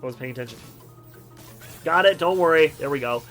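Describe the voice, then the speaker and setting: A man's voice: on the high side, fairly quick, a bit bright, soft background music, rough recording. A young man hosting a gaming channel, telling rambling personal stories over his gameplay with frequent laughs. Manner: rambling and chatty, laughs often. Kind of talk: game commentary with personal stories.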